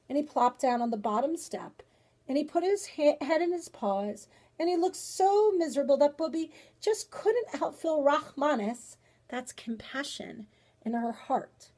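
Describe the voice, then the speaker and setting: A woman educator reading a picture book aloud with lively expression, then chatting about it with fillers. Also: high voice, measured pace. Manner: animated storyteller, chatty with fillers afterward. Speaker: early-childhood educator.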